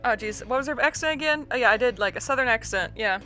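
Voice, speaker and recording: A woman's voice: on the high side, fast talker, hardly any pauses, pushed and bright, faint music behind. A woman hosting a game playthrough, reading the story aloud with chatty, self-deprecating comments. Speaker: let's-play host.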